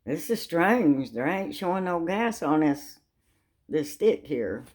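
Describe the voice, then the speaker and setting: A man's voice: a little high, big pitch swings, takes it slowly, darkish tone, voice pushed up, heavily acted. A woman voicing a plain-spoken male gas station attendant in a drawling, matter-of-fact way. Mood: puzzled.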